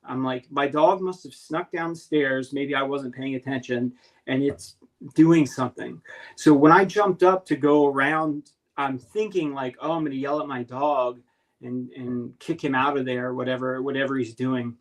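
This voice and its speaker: A man earnestly recounting a strange encounter in casual talk, halting and restarting as he searches for words. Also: mid-range voice, fairly even intonation, poor audio. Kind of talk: casual spoken storytelling.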